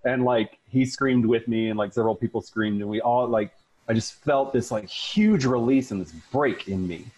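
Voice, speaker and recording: A man's voice: medium pitch, moderate pace, slightly rough, low-quality recording. A man casually telling a long personal story, chatty and full of fillers. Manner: chatty, filler-heavy, animated retelling.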